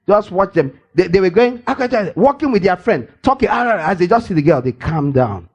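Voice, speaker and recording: An older man preaching, his voice pitched high with a gravelly rasp running through it. He teases his congregation playfully, acting out little everyday scenes to make his point. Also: animated, fairly quick, hardly any pauses. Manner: playful and teasing, acts out scenes, laughs often. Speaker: pastor. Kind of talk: lively church sermon. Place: church hall.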